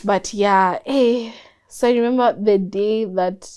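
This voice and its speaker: A young woman, a guest in an interview, telling a personal story in a lively way and acting out what people said. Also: medium pitch, normal speed. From Kenya. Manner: animated storyteller, acts out quoted dialogue.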